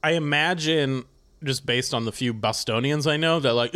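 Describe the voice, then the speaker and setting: A man co-hosting a comedy podcast, riffing in a deadpan way and teasing his partner in casual banter. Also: medium pitch, normal speed.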